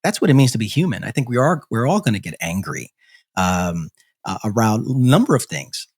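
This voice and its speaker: A man's voice: medium pitch, very animated, darkish tone, slightly rough. Thoughtful male pastor explaining theology. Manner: thoughtful, measured, explains with many fillers. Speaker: pastor and podcast guest. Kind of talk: reflective theological discussion.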